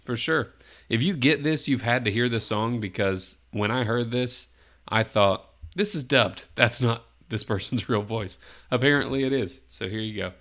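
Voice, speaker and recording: A man's voice: medium pitch, moderate pace, fairly bright tone. Teasing male quiz host. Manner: teasing, gives hints, chuckles. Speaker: podcast host running a guessing game. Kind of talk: casual chat.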